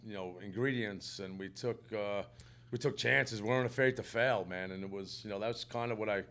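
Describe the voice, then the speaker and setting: Chill new york chef guy, lowish voice, easygoing, keeps saying man. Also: a little fast, fairly bright tone. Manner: laid-back, agreeable, says "man" a lot. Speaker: podcast guest, chef. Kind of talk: casual chat.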